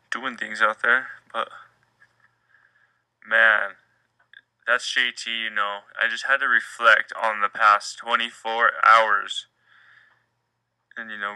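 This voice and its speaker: A young man talks alone into the mic for his podcast, rambling through a story with plenty of swearing and jokes. His voice is very bright and sits at an ordinary pitch, and the recording is dry and close. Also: dry recording, rough recording. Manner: profane, rambling and jokey. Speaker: podcast host. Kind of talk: casual solo podcast storytelling.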